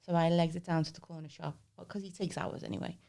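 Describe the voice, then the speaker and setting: A woman co-hosting a podcast tells stories in a chatty way, laughing often and acting out quoted voices. Her voice is fairly low, creaky and warm, with quick pacing and fairly even intonation. It's casual chat and storytelling.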